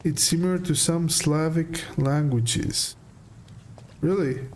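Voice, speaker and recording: A man's voice: fairly high pitch, slow, darkish tone, a little hiss or hum. A man casually commenting while he plays a video game, hesitant, with many fillers, restarts and laughs. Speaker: game streamer. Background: faint game music.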